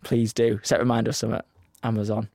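A man's voice: fairly low pitch, little pitch movement, quick pace, vocal fry, a little mellow, dry recording, studio quality. A man co-hosting a podcast, chatty and jokey, often talking over his co-host. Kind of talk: casual chat.

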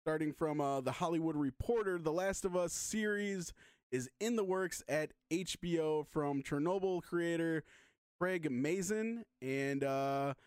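A man co-hosts a casual podcast in a loose, joking way, cursing and laughing. His voice is high for a man. It is recorded close and dry. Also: measured pace, a little mellow, smooth, dry recording. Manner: laid-back, swears, laughs often. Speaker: podcast co-host. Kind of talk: casual chat.

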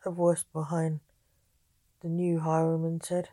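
A woman reading a period adventure story aloud in a plain, even manner. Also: on the low side, slow pace, pauses often, no echo.

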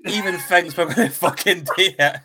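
A man's voice: sits high, normal speed, very noisy. A man co-hosting a football podcast, telling stories with constant swearing. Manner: sweary storyteller, animated. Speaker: podcast co-host. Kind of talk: casual chat.

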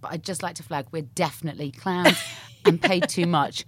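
A woman's voice: on the low side, normal speed, background noise. A woman in a casual chat, joking in a wry, self-deprecating way.

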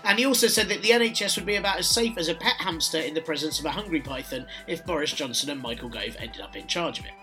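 A man's voice: a little high, quick pace, few pauses, sharp tone, faint music behind. A man with a British accent delivering a scripted satirical monologue in a sardonic, dry, mocking way. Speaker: satirical news presenter.

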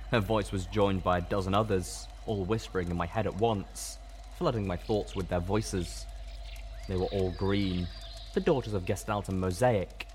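A man narrating a first-person fan fiction story in a steady, measured way. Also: deep voice, slight background noise. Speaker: audiobook reader.

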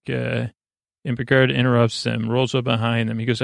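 Man, sleep-podcast host, gravelly, flat delivery, meandering with lots of fillers. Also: mid-range voice, no room sound, studio quality. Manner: meandering, full of drawn-out fillers. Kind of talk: rambling sleep-podcast episode recap.

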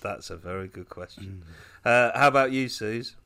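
A man's voice: on the low side, moderate pace, bright, forceful tone, smooth. A man co-hosting a podcast in casual, jokey chat, laughing often. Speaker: podcast co-host.

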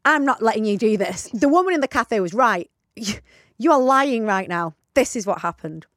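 A young woman, co-hosting a podcast and telling stories with lively, acted-out quotes. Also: on the high side, moderate pace, no room sound, clean studio sound. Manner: animated storytelling, acts out quotes loudly. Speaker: podcast co-host. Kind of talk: casual chat.

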